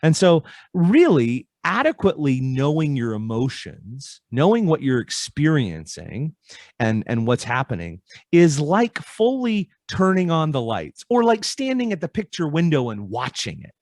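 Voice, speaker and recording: A man's voice: a little high, very animated, unhurried, a little mellow, no echo. A man speaking as a podcast guest, explaining ideas in a conversational way and acting out little dialogues with changing voices.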